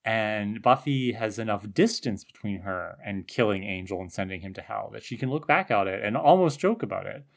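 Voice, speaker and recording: A woman co-hosting a casual podcast who reflects on a TV episode in a measured, hesitant way. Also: rumbling low, lively intonation, creaky. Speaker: podcast co-host. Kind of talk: casual chat about a TV episode.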